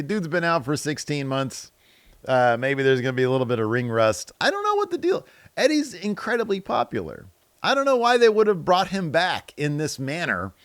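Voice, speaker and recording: A podcast host runs a casual reaction show, reading viewer comments aloud and offering his opinions in a chatty way while laughing at his own jokes. His fairly bright voice swings widely in pitch, and the dry recording has no room sound.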